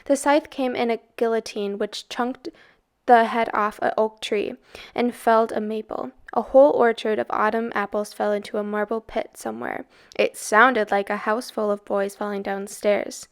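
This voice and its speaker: A woman reading a novel aloud to a book club in a dramatic, expressive storytelling manner. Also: fairly high pitch, normal speed, clear, resonant tone.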